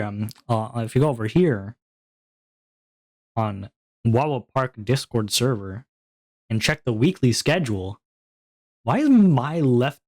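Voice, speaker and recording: A man's voice: mid-range voice, darkish tone. A young man chatting casually on his stream, rambling and self-deprecating with lots of fillers.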